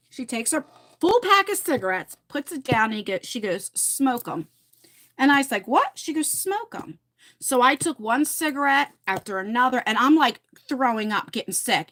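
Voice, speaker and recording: A woman's voice: high voice, fairly bright tone. A middle-aged woman hosting a casual livestream, telling chatty stories and talking to viewers in her chat. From New Jersey. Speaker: livestream host.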